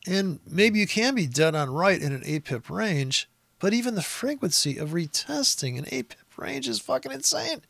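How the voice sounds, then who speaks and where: A man with a gravelly, fairly high voice, talking loosely and swearing often as he explains trading. He swings from low mumbles to loud, high-pitched outbursts. The sound is dry and close. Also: normal speed, no echo. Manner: profane, animated, gets loud and high when ranting. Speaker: trading educator. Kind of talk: casual rambling trading talk.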